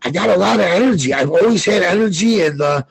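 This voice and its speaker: A man talking as a podcast guest, loud and excitable, telling stories with lots of energy and cursing. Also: sits high, fast talker, creaky, husky, poor audio. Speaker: guest sports bettor. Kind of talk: casual podcast interview.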